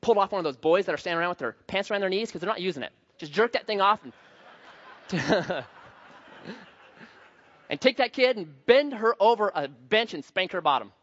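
A male pastor preaching a sermon in an animated, joking, conversational manner. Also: high voice, fairly quick, long pauses, dull audio.

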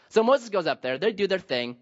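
A man's voice: high voice, very animated, brisk. A man pastor giving a sermon, telling Bible stories with humor and acted asides, on a dull lo-fi recording.

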